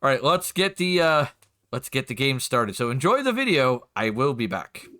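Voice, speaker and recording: A man's voice: mid-range voice, big pitch swings, normal speed. A man, a game master and streamer, chatting casually and rambling as he sets up the session. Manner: rambling, chatty, self-interrupting.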